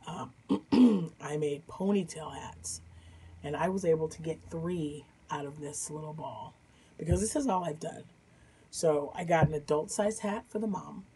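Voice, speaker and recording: A woman's voice: deep voice, a little mellow, slightly rough. A woman hosting a crochet vlog from home, chatty and enthusiastic, rambling about her projects with a Midwestern American accent. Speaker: crochet podcast host. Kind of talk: casual chat. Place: home room.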